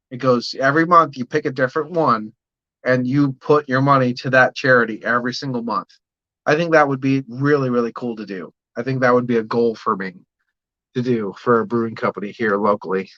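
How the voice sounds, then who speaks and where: A man's voice: medium pitch, moderate pace, fairly bright tone, no room sound, highs cut off. A man hosting a casual livestream, rambling and swearing freely while he chats about his brewing plans and answers viewer comments. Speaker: livestream host, home brewer.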